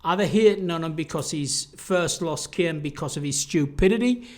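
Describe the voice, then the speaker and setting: A man's voice: fairly high pitch, moderate pace, a little mellow. A man co-hosting a boxing podcast, talking casually and often trailing off and restarting mid-thought. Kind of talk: casual debate.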